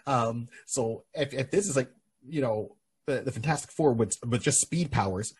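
A man's voice: medium pitch, normal speed, slightly rough. A man hosting a podcast, casually and animatedly retelling a comic book story with many restarts. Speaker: podcast host. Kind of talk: casual chat.

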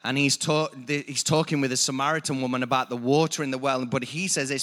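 A man's voice: mid-range voice, fairly even intonation, fast talker, hardly any pauses, a bit bright. A man preaching a sermon, building emphasis with repeated phrases and stopping to correct himself. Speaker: pastor.

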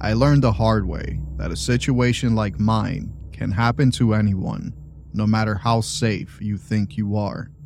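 A man narrates a first-person tale with a low, dark, mellow voice. His reading stays steady and measured from line to line, with a faint hiss underneath. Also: creaky. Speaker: horror story narrator.

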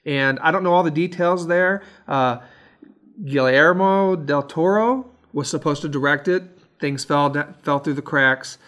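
A man co-hosting a casual film review chat, relaxed and rambling with lots of fillers. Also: fairly high pitch, measured pace. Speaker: podcast co-host.

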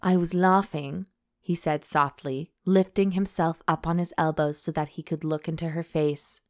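A woman reading aloud, voicing a tender, possessive young duke in her own slightly low voice. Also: a little mellow.

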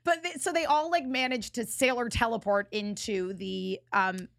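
A woman's voice: on the high side, steady tone, normal speed, vocal fry, no room sound, studio quality. A woman co-hosting a casual podcast, recapping an episode in a chatty way with frequent fillers. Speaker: podcast co-host. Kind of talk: casual chat.

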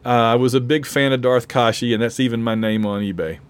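A man co-hosting a relaxed podcast conversation, his voice worn and going hoarse. He talks like an eager fan, laughing easily and restarting his sentences as he goes. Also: mid-range voice, brisk. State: losing his voice. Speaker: podcast co-host. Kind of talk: casual chat.

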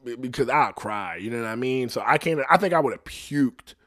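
Male podcast host, loose and profane, mid-pitched, rambles and drops his voice at line ends. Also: expressive, brisk. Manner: rambling and profane, trails off quietly, frequent self-mocking laughs. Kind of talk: casual profane rant.

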